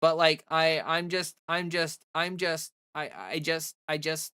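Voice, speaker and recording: A woman's voice: deep voice, a little slow, smooth. A woman hosting a casual livestream, talking animatedly with lots of fillers and restarts as she rants and reads chat. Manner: animated, heavy use of "like", frequent restarts. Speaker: livestream host.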